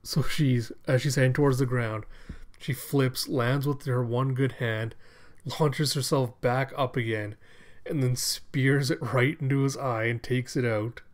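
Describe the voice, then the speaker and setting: A man reads through a comic at an unhurried pace, describing each panel in an amused, casual way. His voice sits at a middle pitch, and he talks like a fan sharing a favorite story. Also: steady tone. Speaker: comic reader. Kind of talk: casual read-aloud narration.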